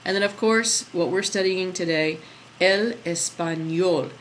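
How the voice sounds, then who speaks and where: A woman's voice: medium pitch, moderate pace, slight background noise, rough recording. A woman teaching a classroom lesson over slides, patient and explaining step by step, asking the class questions as she goes. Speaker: Spanish teacher.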